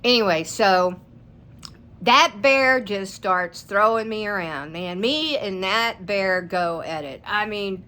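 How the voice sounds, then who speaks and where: A woman telling a long personal story to her viewers in a rambling, animated way. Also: medium pitch, slow. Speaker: vlogger. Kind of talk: casual storytelling to camera.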